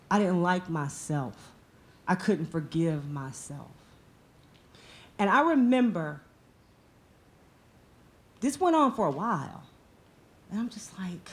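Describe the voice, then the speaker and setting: A woman in her forties telling a personal story on stage at a live storytelling event, earnest and emotional. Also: medium pitch. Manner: earnest, emotional, speaks from the heart.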